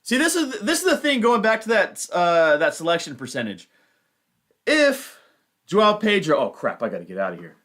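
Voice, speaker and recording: A man's voice: high-pitched, huge pitch swings, moderate pace, fairly bright tone. A young man hosting a fantasy football livestream, rambling and thinking aloud in casual commentary. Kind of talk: casual live-stream commentary.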